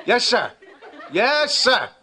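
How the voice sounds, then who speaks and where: A man's voice: extremely high pitch, big pitch swings, slow pace, crowd noise, noisy background, heavily acted. An actor playing a nervous, eager-to-please male employee in a sitcom clip with audience laughter. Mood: flustered. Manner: flustered, deferential.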